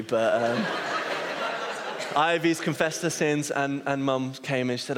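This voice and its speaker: A man's voice: mid-range voice, fairly even intonation, a little slow. A man, an associate pastor preaching a sermon. He is earnest and pokes fun at himself as he tells family stories. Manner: earnest, self-deprecating storyteller. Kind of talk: sermon with personal storytelling. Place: church hall. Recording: long reverb of a large hall.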